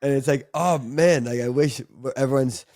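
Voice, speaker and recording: A man co-hosts a podcast, rambling through casual chat with plenty of fillers, restarts, and laughter. His mid-range, mellow voice moves little in pitch and comes at a brisk pace, recorded dry with clean studio sound.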